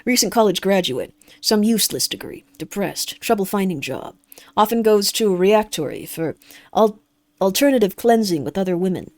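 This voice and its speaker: A woman streaming a game from home, reading game text aloud and chatting with viewers, animated and full of "like". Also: medium pitch, normal speed, no room sound. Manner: chatty, animated, says "like" a lot.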